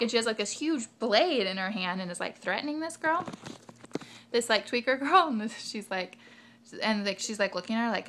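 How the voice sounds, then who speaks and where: Young woman vlogger rambling thru a story, super animated, kinda gravelly. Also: fairly high pitch, fast. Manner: rambling, lots of fillers and asides. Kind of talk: casual storytelling.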